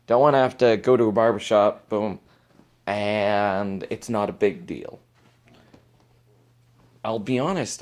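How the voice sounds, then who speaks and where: Young man, home vlogger, fed-up ranting, low-ish voice. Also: a little mellow. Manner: exasperated ranting, swearing. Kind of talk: casual ranting vlog. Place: his bedroom at home.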